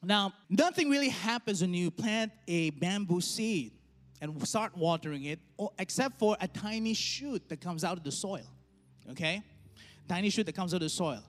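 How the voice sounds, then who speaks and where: A man in his thirties preaching a sermon, telling stories and letting his phrases trail off softly. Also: high voice, animated, normal speed, faint music behind. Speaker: pastor. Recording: long hall reverb.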